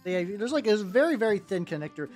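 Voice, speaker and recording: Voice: mid-range voice, big pitch swings, fast, a little mellow. Rambling streamer chatting while painting. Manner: rambling, many fillers and self-restarts. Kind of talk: casual live-stream chat while painting. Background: faint background music.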